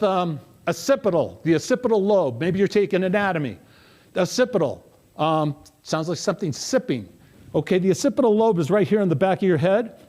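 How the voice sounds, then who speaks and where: A middle-aged man giving a lively motivational talk, coaxing his audience through memory exercises. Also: sits high. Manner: energetic, coaxing audience participation. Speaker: motivational speaker. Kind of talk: interactive memory workshop talk.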